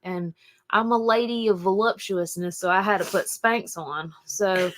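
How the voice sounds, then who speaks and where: A woman's voice: medium pitch, steady tone, unhurried. A woman with an Appalachian accent, co-hosting a podcast and telling a rambling story in casual chat, full of fillers and acted quotes. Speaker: podcast co-host.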